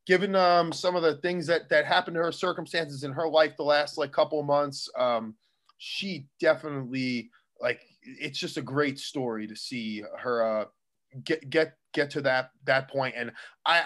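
An excitable man, a professional wrestler, chatting as an interview guest. His voice sits at an ordinary middle pitch, and he rambles, tripping over himself and restarting his sentences as the thoughts pile up. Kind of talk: casual interview chat.

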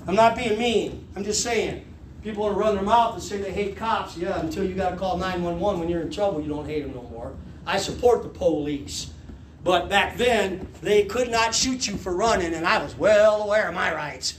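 High-voiced pastor, animated storyteller. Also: male voice, moderate pace, slight background noise. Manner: animated storytelling, laughing and shouting quoted lines. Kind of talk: sermon testimony. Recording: echoey room with faint ambience.

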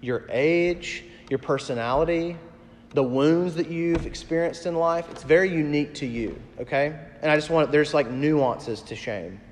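A man preaching a sermon in a relaxed, conversational way, with lots of casual fillers. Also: fairly high pitch, a little slow, big-room sound, a little hiss or hum. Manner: conversational, uses many fillers. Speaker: pastor.

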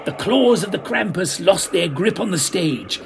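A man's voice: high-pitched, animated, measured pace, gravelly, noisy background. A man narrating a comic mystery in a theatrical, camp manner. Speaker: storyteller.

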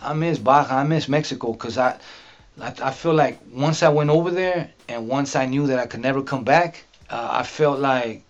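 A man in a casual podcast chat, talking in a mid-pitched voice with frequent halting restarts and loose swearing. The audio is dull and lo-fi. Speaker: podcast guest, rapper. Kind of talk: casual sit-down interview.

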